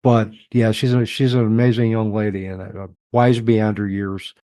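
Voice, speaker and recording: A middle-aged man telling personal stories as an interview guest, reflective and halting, emotional at times. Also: on the low side, little pitch movement, mellow, no echo.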